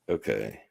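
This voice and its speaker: A man hosting a podcast in casual chat, rambling and restarting his sentences and laughing often. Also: bright, forceful tone. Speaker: podcast host.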